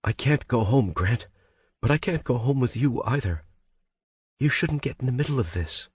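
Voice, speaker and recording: A man's voice: on the low side, expressive, unhurried, darkish tone, husky, no room sound, voice pushed up. A male audiobook narrator voicing a young distraught woman whose voice cracks with anguish. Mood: shaken.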